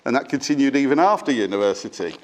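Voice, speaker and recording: A middle-aged man, father of the bride, reading his wedding speech from notes with fond, gently humorous delivery and small stumbles. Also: medium pitch, expressive, fast. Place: wedding reception.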